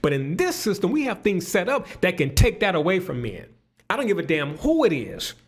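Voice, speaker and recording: Man, podcast guest, raised pitch, very lively intonation, blunt storytelling. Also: fairly quick, husky. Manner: animated, profane storytelling with many restarts. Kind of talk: casual podcast conversation.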